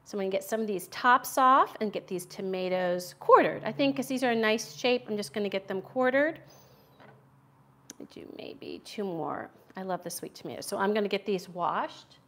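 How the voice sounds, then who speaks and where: Chopping away in her home kitchen, a middle-aged American cooking channel host talks with her livestream viewers at normal speed. Her medium-pitched voice sounds pushed and bright, and she chattily answers comments as she cooks.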